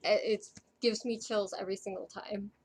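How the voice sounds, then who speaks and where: A woman hosting a livestream, reacting to a performance with gentle, laughing remarks. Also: medium pitch, flat delivery, moderate pace. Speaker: telethon host. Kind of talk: casual chat.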